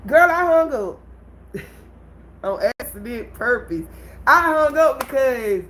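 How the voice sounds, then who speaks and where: A woman hosting her own livestream, telling a personal story in an animated way and talking straight to her viewers. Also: high voice, takes it slowly, pauses often, slight background noise, poor audio. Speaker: livestream host. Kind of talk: casual livestream venting.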